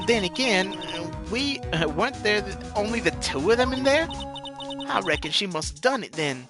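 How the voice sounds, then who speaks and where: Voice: medium pitch, lively intonation, moderate pace, over music, pitched above the performer's own voice, lightly acted. A streamer voicing a brash, nosy young country photographer with a put-on Southern accent, in a let's-play. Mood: gossipy. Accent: put-on American Southern. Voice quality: twangy, folksy.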